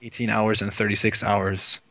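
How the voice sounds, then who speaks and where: A man from Sweden, a guest video director, telling lively anecdotes in casual chat and laughing often. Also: fairly low pitch, normal speed, no room sound. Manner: lively storyteller, laughs often, many fillers. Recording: dry, dull lo-fi sound.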